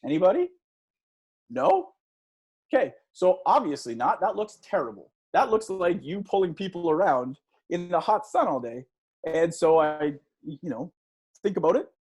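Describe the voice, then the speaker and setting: A man gives a motivational talk to a class, his pitch swinging up and down as he tells a story. His voice is a little husky, and he keeps pulling the listeners in with questions. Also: big pitch swings, normal speed, a little mellow. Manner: engaging, asks audience for shows of hands; storytelling with a conversational tone. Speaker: guest speaker.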